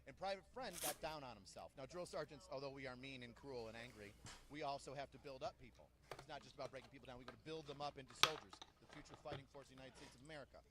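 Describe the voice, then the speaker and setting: A man's voice: mid-range voice, very fast, heavy background noise. A man who is a drill sergeant, telling stories in an interview and acting out the people he quotes. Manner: animated storyteller who acts out quotes loudly. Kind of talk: interview storytelling.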